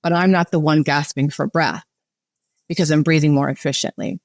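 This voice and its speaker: Woman, breathwork guide, calm and instructive, dry room. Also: low-pitched, moderate pace, dry recording. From United States. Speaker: breathwork facilitator guest. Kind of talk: guided breathing and podcast chat.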